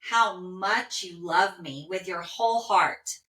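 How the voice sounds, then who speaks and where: A woman's voice: lowish voice, bright, forceful tone. A woman speaking as a sweet, grateful rescue dog. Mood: tender. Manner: slow, tender first-person relaying. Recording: roomy echo.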